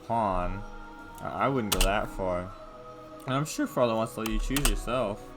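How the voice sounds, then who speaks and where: A man's voice: fairly low pitch, normal speed, over music, close to an everyday voice. A man voicing a young noble brother who talks in a hesitant, placating way.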